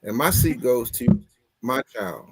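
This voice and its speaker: A man on a casual talk show, telling a story in an animated, exasperated way and swearing often. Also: mid-range voice, measured pace, husky, no echo. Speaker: podcast co-host.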